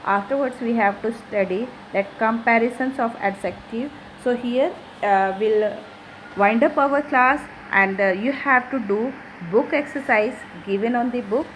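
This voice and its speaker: A woman's voice: fairly high pitch, measured pace, a little hiss or hum, rough recording. A woman teacher, explaining grammar to schoolchildren in an online class, repeating each example sentence. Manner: addresses pupils directly as children.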